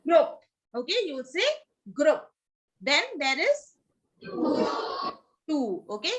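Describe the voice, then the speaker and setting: Woman teacher doing pronunciation drills, high bright voice, keeps asking okay?. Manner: coaxing, drills repetition, frequent "okay?" checks. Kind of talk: classroom pronunciation lesson.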